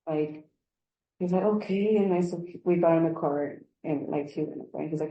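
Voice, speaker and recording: A woman's voice: low voice, moderate pace, dark tone, echoey room, dull audio. A woman giving a rambling account of a workplace incident in an interview, acting out what others said. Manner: rambling, acts out quoted dialogue. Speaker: employee giving a workplace statement.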